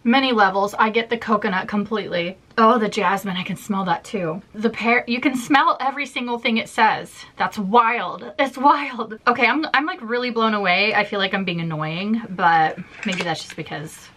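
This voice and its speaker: Bubbly young woman vlogging, bright voice, laughs a lot, gushy and chatty. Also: mid-range voice, normal speed, hardly any pauses. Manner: bubbly, gushing, laughs often. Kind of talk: casual chat.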